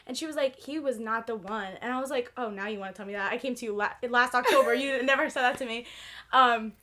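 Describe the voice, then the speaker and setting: A young woman with a bright, fairly high voice, telling stories as a podcast guest. She talks in an animated, bubbly way, slipping into the voices of the people she quotes. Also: a little fast. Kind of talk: casual storytelling.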